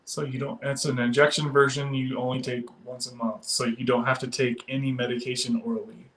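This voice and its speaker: A man hosting a casual livestream, reading and answering viewer comments in a relaxed, chatty way with plenty of filler words. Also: mid-range voice, brisk. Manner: relaxed, chatty, many 'uh' fillers, addresses viewers as guys and my friend. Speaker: livestream host.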